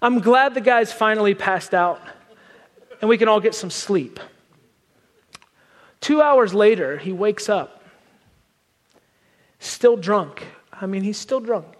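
Brief: male preacher, lively storyteller, high-pitched, reverberant hall. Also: slow pace, long pauses. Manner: animated, self-deprecating. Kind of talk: sermon storytelling. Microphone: wearing a microphone.

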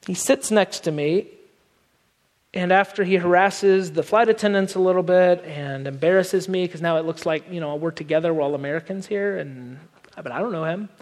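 A man with a high voice preaching on a microphone, spinning an animated, self-deprecating story. His words carry the long reverb of a large hall. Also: moderate pace. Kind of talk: sermon storytelling. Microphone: wearing a microphone.

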